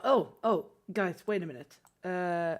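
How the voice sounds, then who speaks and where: A woman's voice: lowish voice, measured pace. Chatty swearing woman streamer. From Sweden. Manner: chatty, swears freely, laughs often. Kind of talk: casual livestream chat while drawing.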